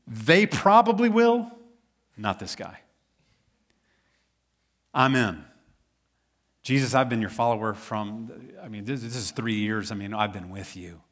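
A man voicing a brash adult male disciple who protests loudly, in a sermon retelling. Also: lowish voice, animated, a little slow, pauses often. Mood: protesting. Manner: insistent, protesting.

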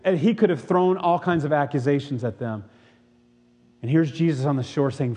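A pastor preaching a sermon, retelling a scripture story and asking the listeners rhetorical questions. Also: male voice, fairly high pitch, normal speed, mellow, long reverb tail.

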